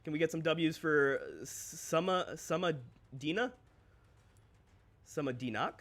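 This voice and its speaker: A male streamer with a high, bright, sharp-edged voice chats loosely with his live audience. He rants candidly and swears freely, breaking into quick laughs between his points. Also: expressive. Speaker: streamer and content creator. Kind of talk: casual livestream chat.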